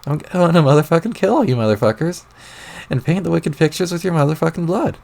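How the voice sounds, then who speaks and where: A man voicing a menacing, unhinged male troll clown, with a slow, lowered, sinister drawl while reading a webcomic aloud on stream. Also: animated, gravelly, darkish tone.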